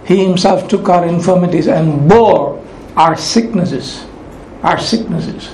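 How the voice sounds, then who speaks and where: A man delivers a sermon in a high, ringing voice. He is emphatic and deliberate, slowing down to stress the words he wants to land. The room sounds echoey, with a faint hum behind him. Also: darkish tone. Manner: emphatic, slows to stress key words and repeats them. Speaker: preacher.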